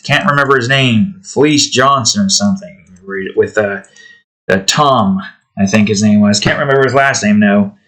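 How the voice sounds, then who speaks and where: A man's voice: fairly low pitch, normal speed, a bit bright. A man hosting his own art channel, chatting casually while he draws, rambling and trailing off. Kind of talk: casual talk while drawing.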